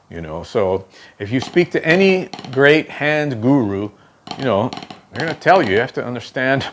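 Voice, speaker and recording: A man's voice: medium pitch, fairly bright tone. Male drum instructor with a mid-range voice. Patient, talks through each step, counts beats aloud and checks in with "okay?". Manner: explains step by step, ends phrases with "okay?"; counts aloud while demonstrating strokes. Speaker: drum teacher. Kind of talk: instructional demonstration.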